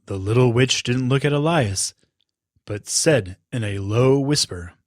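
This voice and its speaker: A man narrating a children's story in an expressive, unhurried way. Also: mid-range voice, no echo, clean studio sound.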